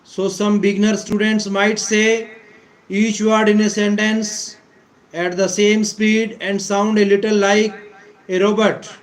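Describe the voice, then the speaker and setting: A man giving a deliberate English pronunciation lesson, repeating key words for emphasis and clearing his throat often. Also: high voice, flat delivery, low-quality recording. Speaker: English teacher. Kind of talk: slow explanatory lecture.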